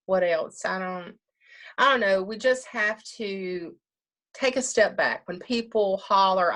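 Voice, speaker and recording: A woman's voice: medium pitch, a bit bright. A woman funeral director talking casually in an interview, chatty, often laughing and acting out what people say.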